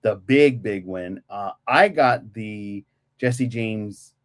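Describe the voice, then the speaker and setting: A man's voice: fairly low pitch, slow. A man from Germany co-hosting a podcast, chatting enthusiastically and repeating catchphrases. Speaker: podcast co-host. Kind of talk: casual chat.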